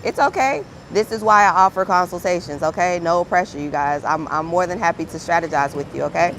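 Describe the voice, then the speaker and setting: A woman's voice: on the low side, a little fast, fairly bright tone, a little hiss or hum. A woman hosting a livestream as a grant writer, chatting casually and encouragingly with her viewers. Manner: upbeat, encouraging, chatty, calls viewers "friend".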